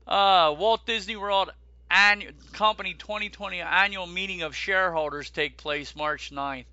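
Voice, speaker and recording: A man co-hosting a casual chat about theme park news, animated and joking, who swears casually and keeps turning to his co-host. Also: high voice, normal speed, no echo, lo-fi sound.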